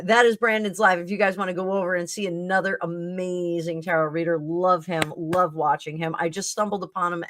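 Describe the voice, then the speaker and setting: A woman's voice: fairly low pitch, fairly bright tone. A middle-aged woman hosting a live tarot stream, chatting casually and rambling with fillers and self-corrections.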